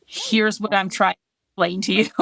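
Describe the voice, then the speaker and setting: A woman's voice: medium pitch, sing-song, normal speed, creaky, a bit bright, dry recording. A woman in her thirties co-hosting a casual podcast chat, candid and chatty, laughing often. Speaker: podcast co-host.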